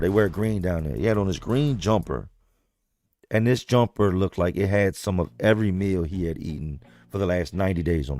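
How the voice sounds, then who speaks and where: A man's voice: lowish voice, a little mellow. A man hosting a livestream, telling a story to his viewers in a blunt, profane, conversational way. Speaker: livestream host reading comments.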